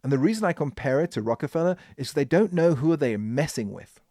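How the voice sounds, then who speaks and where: A man hosting a podcast, telling a business history story in an animated, emphatic way. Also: a little high, fairly quick, no room sound, clean studio sound. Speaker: podcast host.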